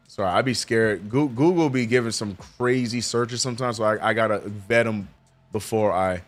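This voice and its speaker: A man hosting a casual live watch-along stream, reading viewer chat aloud and reacting with sudden high exclamations. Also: moderate pace, fairly bright tone, soft background music. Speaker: streamer host.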